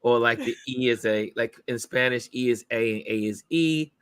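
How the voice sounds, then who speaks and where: An upbeat, chatty man hosts a casual live stream and laughs easily between his words. His voice sits at an ordinary pitch, and the sound is dry and close, with no room echo. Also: moderate pace, fairly bright tone, clean tone. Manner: upbeat, chatty, laughs often while greeting viewers. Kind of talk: casual chat.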